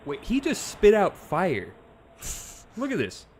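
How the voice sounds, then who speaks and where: Animated joking man playing a game. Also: high-pitched, slight background noise. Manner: animated, joking, quick to laugh. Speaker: co-host playing the game on stream. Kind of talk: casual gameplay chat.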